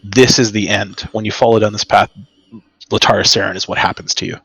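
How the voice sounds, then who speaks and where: A man with a low voice talks through his views on a podcast about books. He speaks haltingly, with plenty of fillers and restarts. The sound is close and dry. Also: fairly even intonation, a bit bright, slightly rough, dry recording, low-quality recording. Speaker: podcast co-host. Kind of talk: casual book discussion.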